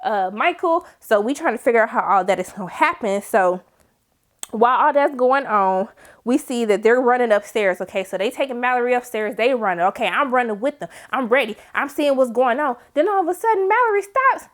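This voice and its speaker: A young woman casually recapping a TV episode, animated and slangy, jumping into other voices when she quotes. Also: fairly high pitch, a little fast. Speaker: TV episode reviewer.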